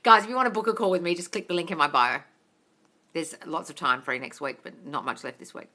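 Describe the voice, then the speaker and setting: An Australian woman runs a casual live Q&A as a mindset coach, answering comments bluntly and loudly and swearing freely. Her voice is bright and forceful, with a brisk, no-nonsense delivery. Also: low-pitched. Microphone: phone livestream.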